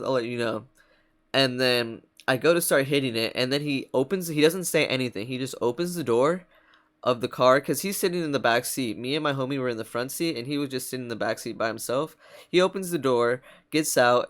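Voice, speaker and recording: A young man telling a story for his vlog in a relaxed, slangy way, his voice sitting at a middle pitch. He keeps breaking into laughter as he talks. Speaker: vlogger.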